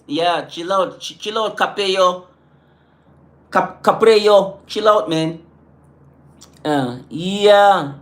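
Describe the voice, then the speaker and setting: A man's voice: fairly high pitch, steady tone, very slow, long pauses, fairly bright tone. A middle-aged man from the Caribbean islands with an island accent, hosting a casual livestream, laid-back and peppering his talk with "man" and "you know". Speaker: livestream host. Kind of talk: casual livestream chat with viewers.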